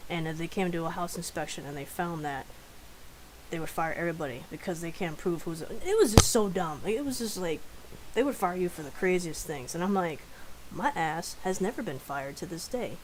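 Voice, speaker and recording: A woman's voice: on the low side, a little fast, noisy background. A young woman telling stories casually on a live stream, chatty and profane, laughing often.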